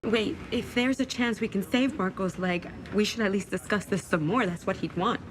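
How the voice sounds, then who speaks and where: A woman's voice: medium pitch, moderate pace, a little hiss or hum, lightly acted. An actress playing a young woman who speaks up for her injured fiancé in a TV medical drama, earnest and insistent. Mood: pleading.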